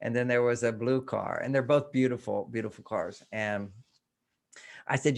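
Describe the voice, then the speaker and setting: An older man with a gravelly, creaky voice at a middle pitch, speaking as an interview guest. He talks in a loose, animated way, acting out quoted lines and chuckling as he goes. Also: normal speed. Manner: animated storytelling, acts out quoted dialogue, laughs often. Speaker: guest, relationship author. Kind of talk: conversational interview.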